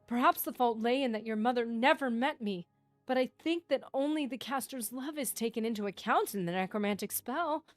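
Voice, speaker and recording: A woman's voice: mid-range voice, moderate pace, no room sound, soft background music, lightly acted. A woman voicing a lovesick, obsessive male mage scholar, pleading and ranting as she reads a game book aloud. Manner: pleading, rising into a rant.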